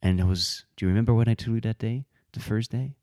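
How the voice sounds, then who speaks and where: Guy with a really low mellow voice doing improv, dry, close and dead room. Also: fast, dry recording. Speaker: improv performer. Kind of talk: improv sketch comedy.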